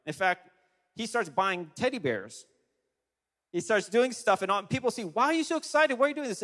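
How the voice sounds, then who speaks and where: A male pastor preaching a sermon to a congregation, animated and emphatic, with frequent restarts. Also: a little high. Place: large church hall. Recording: long hall reverb.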